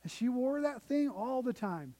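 A man's voice: very high voice, animated, moderate pace, mellow, poor audio. A young man preaching a sermon in a conversational storytelling way, often restarting sentences. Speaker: pastor.

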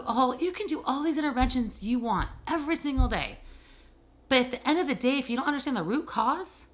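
Candid, animated middle-aged woman podcaster. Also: fairly high pitch. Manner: candid, animated storytelling with frequent fillers. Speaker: podcast host and educator working with children and families. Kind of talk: casual podcast monologue.

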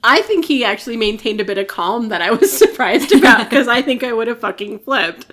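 A woman's voice: a little high, lively intonation, fairly quick, fairly bright tone. A woman co-hosting a podcast in casual chat, laughing often and swearing freely as she reacts to the episode. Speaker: podcast co-host.

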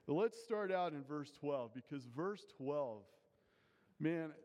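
A man's voice: mid-range voice, a little mellow. A man preaching a sermon as pastor, earnest and emphatic, opening with prayer and pressing key phrases hard. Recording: long hall reverb.

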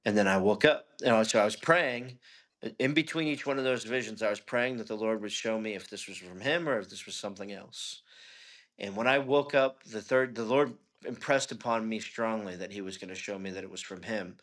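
Brisk and fairly low-pitched with a bit of brightness, a middle-aged pastor recounts his personal testimony during an interview. He tells it earnestly and conversationally, frequently saying "you know".

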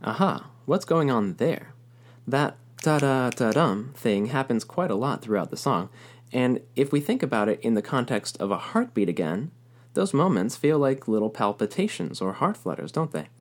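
A man narrates a recorded music lesson at an ordinary mid pitch. He explains patiently and speaks the rhythms aloud as he goes. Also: big pitch swings, moderate pace. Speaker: music teacher.

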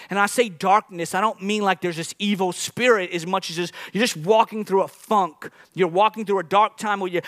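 A man's voice: high-pitched, fairly bright tone. A man, a lead pastor, preaching an earnest podcast sermon and repeating phrases as he builds to emphatic points.

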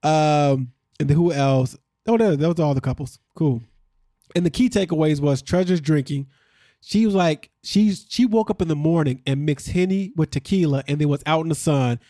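A man's voice: a little high, moderate pace, mellow, no echo, studio quality. A man hosting a podcast, recapping a reality show in casual chat and acting out what people said.

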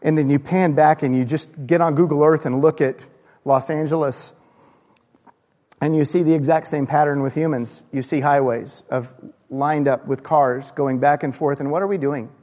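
A man preaching a sermon, impassioned, swinging from loud raised bursts to low hushed lines. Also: steady tone, moderate pace. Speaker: pastor. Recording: long hall reverb.

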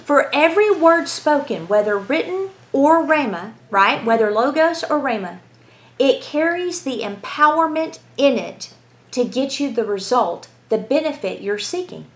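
A woman giving a lively, conversational Bible lesson, telling stories and asking rhetorical questions. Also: sits high, measured pace. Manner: animated, storytelling, asks rhetorical questions. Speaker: Bible teacher.

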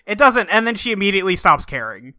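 Bright-voiced sarcastic young man. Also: sits high, sing-song, no room sound. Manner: blunt and sarcastic, quick to mock. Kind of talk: casual chat.

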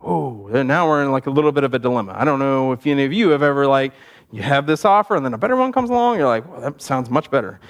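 A male pastor telling a story in a sermon, animated and conversational with easy laughs. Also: medium pitch, fast.

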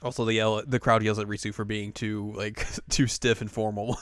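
A man's voice: fairly low pitch, flat delivery, normal speed, no echo. A man hosting a podcast, recapping an episode in a rambling, casual way with lots of fillers. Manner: rambling, filler-heavy, laughs often. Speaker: podcast host.

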